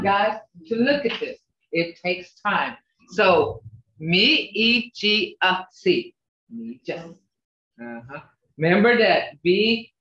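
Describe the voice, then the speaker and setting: A woman's voice: mid-range voice, fairly bright tone, far from the mic. An older woman teaching a language class over a video call, coaching patiently and checking in with a frequent "okay?". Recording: muffled, echoey video call audio.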